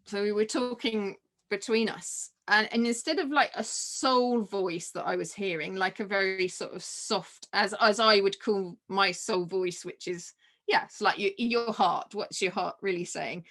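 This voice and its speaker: A woman's voice: medium pitch, measured pace. A woman, a mother, guest on a podcast, telling a personal story casually and acting out remembered dialogue. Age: adult with children. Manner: animated, acts out remembered dialogue.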